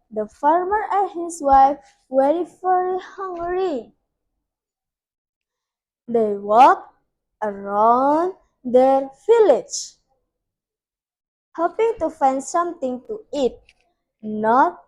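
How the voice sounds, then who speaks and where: Slow, high-voiced Indonesian girl reading a story. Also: animated, poor audio. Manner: slow, careful reading with small slips. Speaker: student storyteller. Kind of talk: reading a fairy tale aloud.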